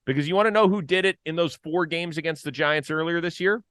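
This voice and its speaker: A man's voice: fairly high pitch, quick pace, a bit bright, smooth, no room sound. A man hosting a baseball talk show, playful and stat-heavy in casual chat.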